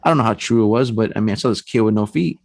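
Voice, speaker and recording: A man telling a personal ghost story on a podcast, animated and acting out the voices in his tale. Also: on the low side, very fast, vocal fry, no echo. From San Antonio, Texas. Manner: animated storyteller, acts out quotes, frequent restarts and "man". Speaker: paranormal investigator guest.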